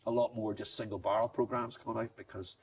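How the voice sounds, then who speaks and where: Middle-aged man, low-ish voice, rapid and rambling, off-mic. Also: fairly even intonation. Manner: rambling, enthusiastic salesman talk with restarts. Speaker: whiskey brand founder, guest. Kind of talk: casual interview chat. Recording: distant mic, faint background noise.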